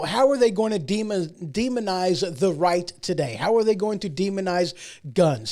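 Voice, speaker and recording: A man's voice: high-pitched, a little mellow. A man hosting his own show, giving casual political commentary in a rambling, emphatic way with sarcastic asides. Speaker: host.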